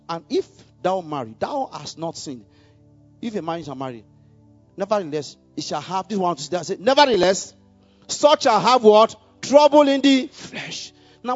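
A man preaching a sermon, building to loud emphatic bursts and checking in with the congregation. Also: husky. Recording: muffled low-fidelity recording with faint music.

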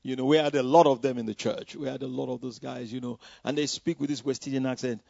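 Gravelly preacher telling his story. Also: mid-range voice, fairly even intonation, fast talker, hardly any pauses, a little mellow, no room sound. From Nigeria. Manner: conversational storytelling, full of "you know" asides. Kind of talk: personal testimony in a sermon. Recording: dull, dry lo-fi recording.

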